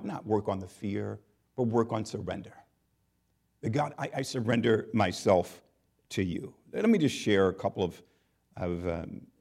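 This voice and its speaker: Guy preaching a sermon, slow careful scripture reading, voice jumps up when he gets worked up. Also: on the low side. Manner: slow emphatic scripture reading with dramatic rises.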